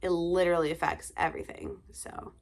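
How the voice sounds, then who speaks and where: Chatty, tired young mom rambling. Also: female voice, lowish voice, little pitch movement, fairly quick, gravelly. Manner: rambling, chatty, lots of fillers and sighs. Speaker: vlogger, mother of two. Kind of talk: casual chat to camera.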